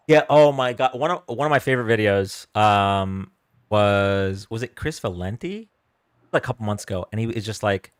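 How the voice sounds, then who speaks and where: A man's voice: lowish voice, lively intonation, normal speed, clean tone, no echo, clean studio sound. A man hosting a casual livestream, chatting loosely with fillers and easy laughs. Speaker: livestream host.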